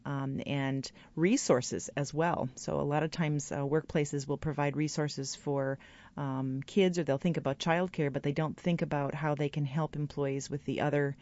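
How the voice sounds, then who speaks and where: A man with a fairly high voice speaks as a guest on a radio show, explaining in a measured way. The broadcast sound is slightly muffled. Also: fairly even intonation, a little mellow. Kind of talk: radio interview.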